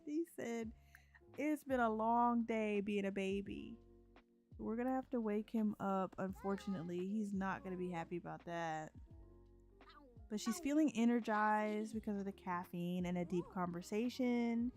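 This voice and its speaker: A woman streaming a life-sim game, chatting casually, giggling often and narrating what her characters think and say. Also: medium pitch. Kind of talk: casual let's-play commentary.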